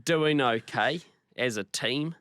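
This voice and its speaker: A man's voice: medium pitch, slow pace, fairly bright tone, no room sound. A man with a New Zealand accent, co-hosting a radio show in the studio with playful, mock-serious banter. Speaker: radio host. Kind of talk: casual banter.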